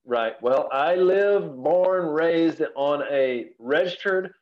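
A man's voice: on the high side, slow pace, lo-fi sound. A man from Central Texas, a rancher guest on a podcast, talking in an earnest, folksy, rambling way from his office. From Central Texas, USA. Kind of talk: relaxed podcast conversation.

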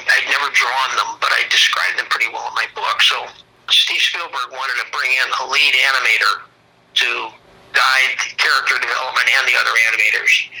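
A man's voice: medium pitch, gravelly, pushed and bright, breathy edge, poor audio. A man, an author, telling casting stories casually, rambling with restarts and acting out quotes. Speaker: author recounting film casting. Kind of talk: casual storytelling.

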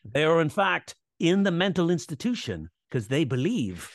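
A man's voice: a little high, big pitch swings, normal speed, no room sound, studio quality. A man coaching comedy writing in a casual interview, explaining in a teaching tone and acting out audience reactions and quoted lines. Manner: teaching tone, checks in with "right?".

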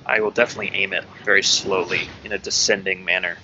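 A man's voice: deep voice, little pitch movement, quick pace, vocal fry, pushed and bright, lo-fi sound, soft background music. A man co-hosting a comedy show, bantering with sarcastic jokes. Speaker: podcast co-host. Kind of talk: comedic chat.

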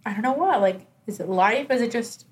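Young woman podcast co-host, slightly high pitch, casual storytelling. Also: a little fast, husky. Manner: storyteller who reenacts conversations, many "like"s. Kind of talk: casual chat, personal storytelling.

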